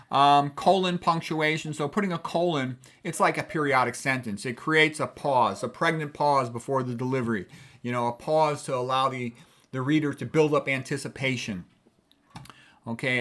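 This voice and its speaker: A man's voice: mid-range voice, bright, forceful tone. Chatty man giving a casual writing lesson. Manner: conversational, chatty, punctuates with "okay". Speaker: writing teacher.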